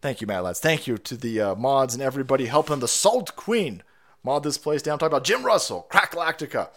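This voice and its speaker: A man's voice: medium pitch, animated, fairly quick, fairly bright tone. A man hosting a livestream, ranting in a profane, fired-up, rallying way while sick with a cold. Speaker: livestream host.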